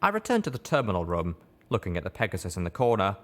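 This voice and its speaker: A man narrating a first-person story as an audiobook reader, in a steady, measured way. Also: sits low.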